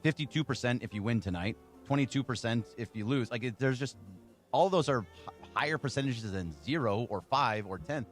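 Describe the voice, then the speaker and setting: A man on a sports radio show giving quick statistics in a dry, matter-of-fact way. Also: medium pitch, soft background music. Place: radio studio.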